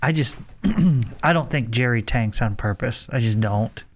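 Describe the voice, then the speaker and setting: A male co-host on a sports talk radio show, speaking from the studio. He doubts his partner's claims and presses back with pointed questions, all in a mid-pitched, conversational tone. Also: unhurried. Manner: skeptical, pushes back with questions. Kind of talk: casual sports talk debate.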